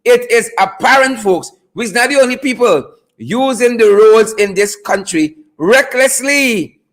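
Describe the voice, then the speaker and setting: A man hosting a live stream, chanting catchphrases loudly and playfully and greeting viewers. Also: sits high, measured pace. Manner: chanting catchphrases, loud and playful, frequent laughs. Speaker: live show host. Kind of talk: hyped live stream chat.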